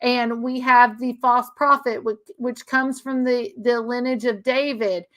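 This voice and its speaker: A woman with a somewhat high, fairly bright voice speaks at a measured pace in a steady tone, sharing her religious views. It's an earnest, unscripted, emotional monologue in a casual style, and she frequently repeats herself and starts sentences over.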